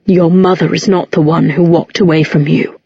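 A woman voicing a grieving, bitter grown man in an audiobook, with a low, cutting delivery. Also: fairly even intonation, moderate pace, vocal fry, dark tone, breathy edge, dry recording. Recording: dull, muffled recording.

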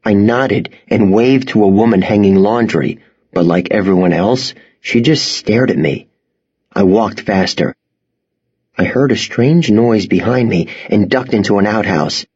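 Husky-voiced man narrating an audiobook. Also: on the low side, a little slow, a little mellow, dull audio. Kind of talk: first-person audiobook narration.

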